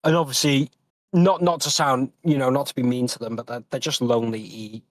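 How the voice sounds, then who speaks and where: A young man from Britain talks in a loose, rambling way, stacking fillers and repeating himself. His pitch jumps up eagerly, and the sound is dry and close. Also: steady tone, brisk, no room sound. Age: young adult. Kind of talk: casual chat.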